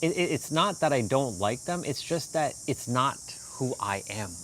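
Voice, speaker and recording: Man from Canada, mid-pitched, loose rambling live-stream chat, faint crickets behind. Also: normal speed, a little hiss or hum. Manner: rambling, animated, laughs often.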